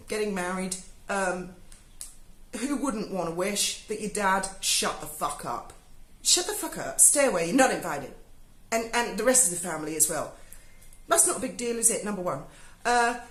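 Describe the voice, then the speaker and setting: Woman ranting sarcastically, swears a lot, voice swoops all over, echoey room. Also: medium pitch. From Britain. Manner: sarcastic, swears freely, mocking asides. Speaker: YouTuber. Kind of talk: sarcastic review monologue. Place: home in Spain.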